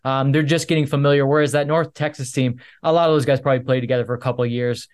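A man's voice: mid-range voice, steady tone, rapid-fire, clear, resonant tone. A man co-hosting a casual sports podcast, teasing playfully, with restarts and fillers. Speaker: podcast co-host.

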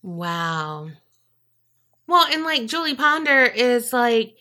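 A woman's voice: fairly high pitch, slow. A woman co-hosting a casual true crime podcast, reacting with outrage, swearing and acting out quotes. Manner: animated, swears, acts out quotes. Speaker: podcast co-host.

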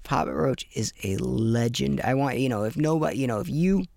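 A man's voice: mid-range voice, expressive, a little fast, gravelly, darkish tone, dry recording, studio quality. A man hosting a podcast, chatting casually and effusively, swearing often. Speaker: podcast host. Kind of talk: casual interview chat.

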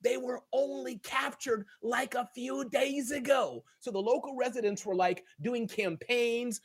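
A man's voice: very high voice, fairly even intonation, measured pace, few pauses, slightly rough. A man delivering a good-news segment on a morning show, upbeat and jokey in casual chat. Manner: upbeat, jokey, plays voices. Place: home in New Jersey.

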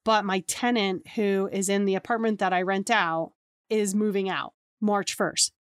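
A woman's voice: medium pitch, steady tone, moderate pace, no room sound, clean studio sound. A woman in her thirties, a podcast host, casually telling personal stories and acting out the dialogue with lots of "like". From New York area. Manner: chatty, acts out quoted dialogue with lots of "like". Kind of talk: casual storytelling.

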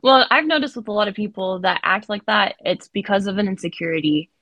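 A woman's voice: mid-range voice, expressive, a little fast, a bit bright, no echo. A woman podcast co-host telling a story in a casual, chatty way, often saying "like".

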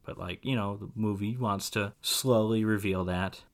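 A man co-hosting a casual film podcast, rambling through his points with frequent laughs and animated asides. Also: on the low side, normal speed. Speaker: podcast co-host.

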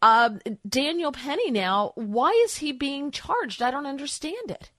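A woman's voice: high voice, animated, measured pace, fairly bright tone, dry recording. A woman guest-hosting a talk radio show, chatting in an emphatic, opinionated way with many asides.

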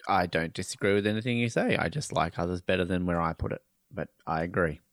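A man's voice: low-pitched, fast talker, no echo, clean studio sound. A man with an Australian accent co-hosting a podcast in casual chat, talking expressively. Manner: expressive, jumps into excited outbursts. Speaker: podcast co-host.

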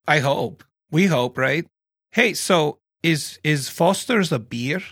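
A man's voice: a little high, lively intonation, slow pace, fairly bright tone, dry recording, studio quality. Chatty man hosting a true-crime chat. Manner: chatty, joking, with restarts. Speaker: podcast host. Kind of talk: casual chat.

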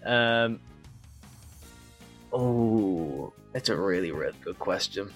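A man co-hosting a podcast, answering quiz questions and thinking out loud in an animated way. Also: sits low, slow pace, faint music behind. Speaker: podcast co-host. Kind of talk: casual podcast game show.

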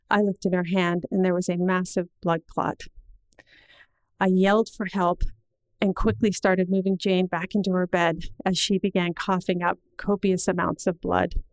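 A woman's voice: on the low side, flat delivery, dry recording, rough recording. Earnest middle-aged woman telling a story. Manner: earnest, measured, slowing at heavy moments. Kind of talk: personal story told to an audience.

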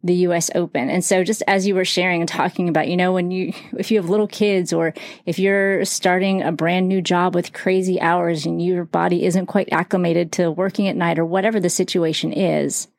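A woman hosts a podcast interview in a chatty, affirming way, leaning on fillers as she thinks aloud. Her voice sits slightly low. The sound is dry and close. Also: steady tone, brisk, vocal fry, few pauses, a little mellow, no room sound. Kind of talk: casual interview chat.

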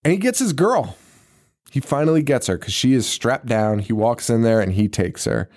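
A man's voice: mid-range voice, expressive, normal speed, a little mellow. A man co-hosting a podcast, chatting casually and profanely as he recaps a movie, laughing and acting out scenes. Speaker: podcast co-host.

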